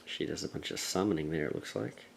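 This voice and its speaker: Low-voiced man chatting through an unboxing. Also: quick pace, vocal fry, slight background noise, rough recording. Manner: relaxed, thinks aloud with hesitant fillers. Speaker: board game channel host. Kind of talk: casual unboxing walkthrough. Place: at a table, handling game pieces.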